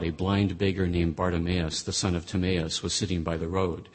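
A man's voice: deep voice, steady tone, normal speed, hardly any pauses, slightly rough. A man teaching through Bible passages, reading scripture aloud and then explaining it, with frequent restarts.

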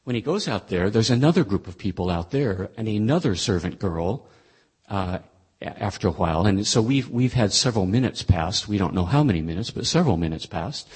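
A man's voice: on the low side, animated, a little fast, darkish tone, slightly rough. A man explaining a scripture passage as a Bible teacher, in a thoughtful, conversational way with frequent restarts.

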